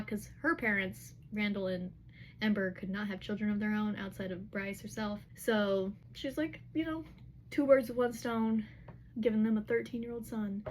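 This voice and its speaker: A young woman casually retelling a novel's chapters, chatty and animated, with slangy asides. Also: medium pitch, normal speed, a little hiss or hum. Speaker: book recap vlogger.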